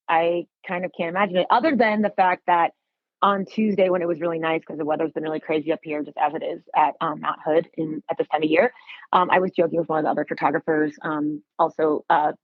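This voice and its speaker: A woman's voice: sits low, no echo. A woman photographer chatting as a podcast guest, rambling with many fillers and restarts. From United States. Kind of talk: casual podcast chat. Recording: tinny phone-like sound.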